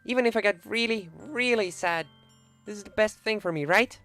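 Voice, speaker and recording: A man voicing a sweet, fragile teenage girl who is cheerful yet sad, speaking in a soft, wavering, hesitant way. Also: high-pitched, a little fast, soft background music, voice pushed up. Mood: uncertain.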